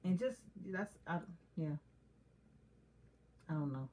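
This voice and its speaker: A woman with a slightly low voice co-hosts a relaxed chat. She speaks candidly and confessionally, and laughter keeps breaking through her talk. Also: slow pace. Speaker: co-host. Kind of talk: casual chat.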